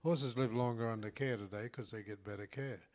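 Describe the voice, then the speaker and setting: An older man with an Australian accent, co-hosting a casual chat and speaking in a halting way that repeats words. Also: medium pitch, a little mellow. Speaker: co-host.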